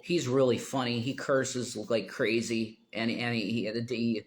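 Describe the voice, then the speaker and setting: A man's voice: mid-range voice, measured pace. A man chats to his livestream audience over a home streaming mic, wandering from one tangent to the next. His voice sits in a plain middle register, and he keeps breaking into sudden emphatic outbursts. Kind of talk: rambling livestream chat.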